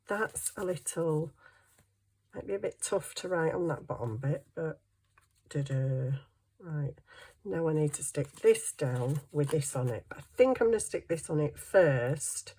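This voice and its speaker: A middle-aged woman with a low, husky voice chats unhurriedly as she crafts. She thinks aloud and pokes fun at herself between tasks. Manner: chatty, thinks aloud while working, self-deprecating. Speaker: craft vlogger. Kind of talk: casual chat while crafting.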